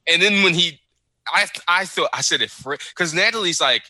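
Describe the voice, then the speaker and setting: A man co-hosting a podcast, chatting casually and excitedly about a TV episode. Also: high-pitched, moderate pace. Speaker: podcast co-host. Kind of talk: casual TV recap chat.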